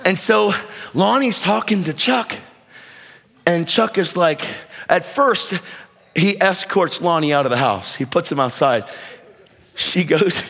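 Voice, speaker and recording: A man preaching a storytelling sermon, animated and breaking into shouts when he exhorts. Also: high-pitched, measured pace, pauses often. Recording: reverberant hall.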